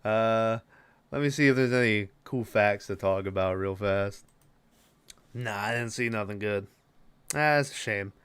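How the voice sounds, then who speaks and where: A man's voice: fairly low pitch, measured pace, pauses often, fairly bright tone, clean tone. A man hosting a podcast, giving a rambling, casual movie recap full of fillers and restarts. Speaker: podcast host.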